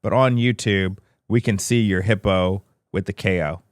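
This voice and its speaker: A man's voice: fairly low pitch, steady tone, moderate pace, no echo, clean studio sound. A man co-hosting a casual camera-talk livestream, teasing and laughing often. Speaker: co-host.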